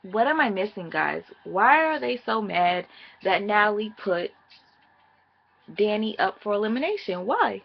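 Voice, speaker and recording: Gravelly woman gossiping in a casual vlog. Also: medium pitch, big pitch swings, unhurried, highs cut off. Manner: chatty, profane, talks straight to viewers. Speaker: reality TV recap vlogger. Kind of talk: casual chat recap.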